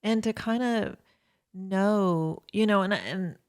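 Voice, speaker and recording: A woman's voice: medium pitch, takes it slowly. A woman co-hosting a podcast who talks hesitantly, hunting for words as she goes. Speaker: podcast co-host. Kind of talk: reflective podcast conversation.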